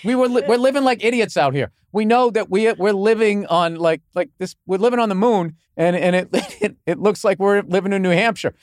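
A man with a Boston accent talks in casual chat, swearing freely and rambling from one tangent to the next. His voice sits fairly high, and it is recorded close and dry. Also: fairly quick, few pauses, no echo. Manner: profane, rambling, laughs through his own stories. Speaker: podcast guest.

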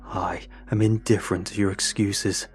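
A man voicing a menacing male monster posing as a businessman, in a slow, cold, commanding voice that sits low and near a growl. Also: flat delivery, soft background music, natural voice. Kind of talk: horror story narration.

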